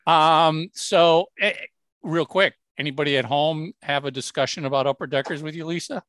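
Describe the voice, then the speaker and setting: A man's voice: a little high, moderate pace, a bit bright, dry recording. A man hosting a casual podcast, teasing his co-hosts and often restarting his sentences. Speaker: podcast host.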